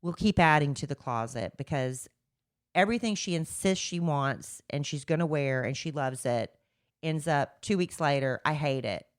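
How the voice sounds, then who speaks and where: A woman's voice: low voice, normal speed. A middle-aged woman, co-hosting a podcast, chatting in a rambling, defensive way. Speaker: podcast co-host. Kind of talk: casual chat.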